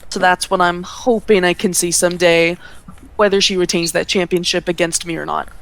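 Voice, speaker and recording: A woman's voice: lowish voice, fairly even intonation. Earnest woman wrestler in an interview. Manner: earnest, measured, slows down to stress points. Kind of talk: casual sit-down interview.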